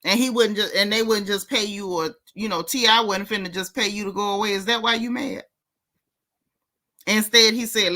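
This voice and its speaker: Sassy woman host dishing celebrity gossip straight to camera, sharp bright voice. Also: mid-range voice, fairly even intonation, normal speed. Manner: sassy, teasing, talks straight to viewers; slangy casual speech. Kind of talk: casual celebrity gossip commentary.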